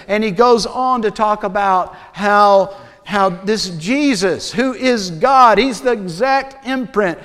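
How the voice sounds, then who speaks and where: Slow, high-voiced preacher in a reverberant hall. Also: male voice. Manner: slow, deliberate preaching with dramatic drops to a hush. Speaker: pastor. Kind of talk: sermon. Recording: long reverb of a large hall.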